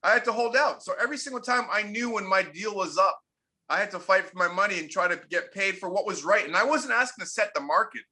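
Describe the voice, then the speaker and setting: A man's voice: high-pitched, fast, bright, forceful tone. A man in his forties, a former pro hockey player from Canada, telling stories in an interview, emphatic and repeating his points for effect. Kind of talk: candid interview storytelling.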